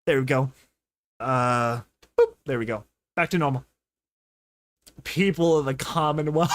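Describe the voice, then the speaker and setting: Excitable young man streaming commentary. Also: a little high, moderate pace, no room sound. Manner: excitable, rambling, laughs often, says dude and bro. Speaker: streamer reading a story with commentary.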